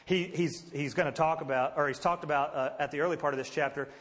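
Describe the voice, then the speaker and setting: A man's voice: fairly high pitch, fairly even intonation, quick pace, a bit bright, in a large hall. A man teaching a Bible study in a conversational way, asking his listeners questions and answering them himself. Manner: conversational, asks the class questions.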